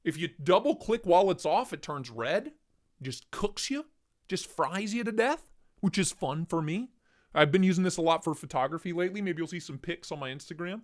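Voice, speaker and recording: A man's voice: high voice, animated, moderate pace. A man hosting a casual livestream, joking and rambling as he shows off gear and greets viewers by name. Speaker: livestream host reviewing knives and lights.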